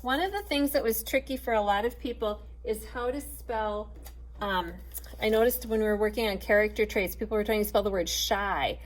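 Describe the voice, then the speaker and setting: A woman's voice: medium pitch, normal speed. A woman teaching a children's phonics lesson, patiently spelling out letters and sounding out words with plenty of encouragement.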